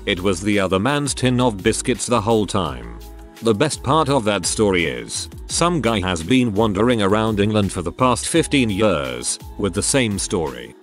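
Male narrator, low register, lively intonation; scripted story reading. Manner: reads online posts aloud in a plain storytelling way.

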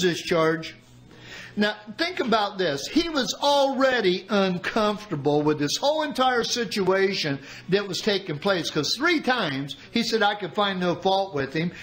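A man preaching a sermon, reading scripture aloud and explaining it with dramatic pauses. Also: high-pitched, a bit bright, low-quality recording. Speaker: pastor.

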